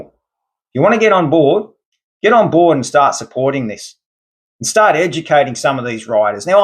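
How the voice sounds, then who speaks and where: A man delivering an angry, lecturing monologue rant as a podcast host. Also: mid-range voice. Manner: indignant, lecturing, formal words.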